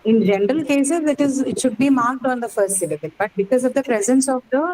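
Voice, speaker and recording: A woman's voice: on the high side, fast, darkish tone, poor audio. A woman teaching an English class, explaining step by step and often checking that the student follows. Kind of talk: online class lecture.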